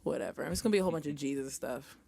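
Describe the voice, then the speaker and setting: A young woman hosting a podcast in casual chat, animated and swearing freely. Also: sits low, rapid-fire, creaky, breathy edge, dry recording. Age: young adult. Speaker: podcast host.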